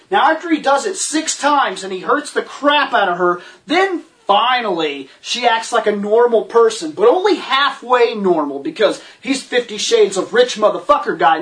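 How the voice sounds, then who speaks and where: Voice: mid-range voice, big pitch swings, measured pace, a bit bright, recorded from a distance. A movie reviewer giving a profane, sarcastic rant about a film, with incredulous outbursts.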